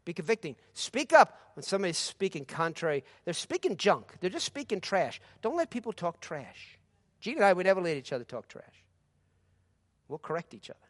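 A man preaching a sermon as pastor, moving between easy conversational talk and loud, rising exhortation. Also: high-pitched, big pitch swings, a little fast, dry recording.

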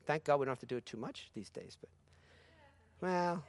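A man preaching a sermon as pastor, moving between easy conversational talk and loud, rising exhortation. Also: a little high, animated, moderate pace.

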